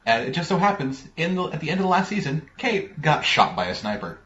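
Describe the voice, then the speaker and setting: A man's voice: a little high, very animated, a little fast, fairly bright tone. A man co-hosting a casual chat about TV shows, talking loosely, swearing and laughing often. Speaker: podcast co-host. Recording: roomy, dull lo-fi sound with faint noise.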